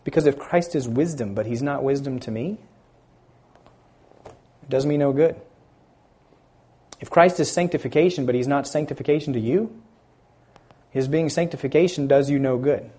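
A man preaching a sermon, building loud on key words and dropping quiet at the ends of phrases, stressing scripture slowly. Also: mid-range voice, slightly rough. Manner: slow, deliberate emphasis on scripture phrases.

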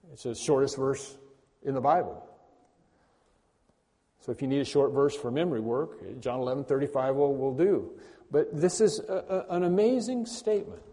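Mellow-voiced preacher in an echoing hall. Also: male voice, medium pitch. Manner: emphatic, repeats key phrases, swings from loud to hushed. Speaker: pastor. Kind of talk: sermon. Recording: long reverb of a large hall.

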